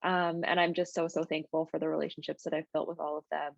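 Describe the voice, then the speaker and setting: A woman with a slightly low voice gives heartfelt thanks, pausing often. The sound is dry and dull, like a video call. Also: flat delivery, creaky, no room sound. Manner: heartfelt, hesitant, many fillers. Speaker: committee organizer. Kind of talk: closing remarks on a video call.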